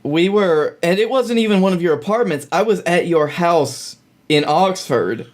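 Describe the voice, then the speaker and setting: A man's voice: sits high, lively intonation, moderate pace. A man co-hosting a podcast in casual chat, recapping plots at length. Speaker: podcast co-host.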